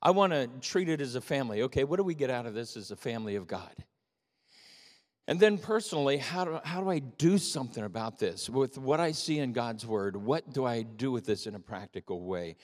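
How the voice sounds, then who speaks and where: An older man preaching a sermon as pastor, telling stories with animated emphasis. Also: mid-range voice, fairly quick. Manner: animated storytelling, rising to emphatic peaks. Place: church sanctuary. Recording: long reverb of a church hall.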